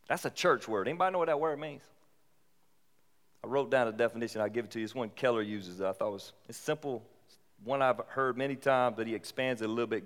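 A man preaching a sermon in a casual, conversational way that rises into animated bursts. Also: medium pitch, quick pace. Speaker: pastor. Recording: long hall reverb.

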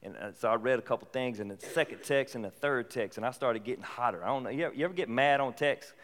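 A man preaching a sermon in a casual, conversational way that rises into animated bursts. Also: medium pitch, fast. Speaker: pastor. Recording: long hall reverb.

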